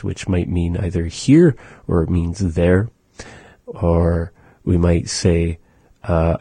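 A man teaching his people's language, going slowly and patiently, with many pauses, and repeating words for practice. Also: low voice, warm tone, slightly rough, no room sound. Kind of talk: pronunciation lesson.

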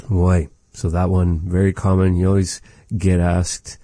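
A male language teacher talks in a deep, mellow voice, slowly and patiently explaining each word and repeating it. The sound is dry and close, with no room around it. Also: monotone, dry recording. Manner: slow, patient, repeats words after recordings. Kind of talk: language lesson.

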